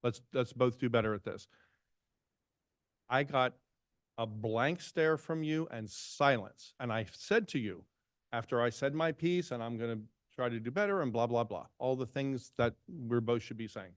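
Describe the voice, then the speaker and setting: A man's voice: mid-range voice, normal speed, dry recording. Indignant, sarcastic man, dry sound. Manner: indignant, sarcastic, quoting others. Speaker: village commissioner. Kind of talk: heated public meeting remarks. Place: commission meeting chamber.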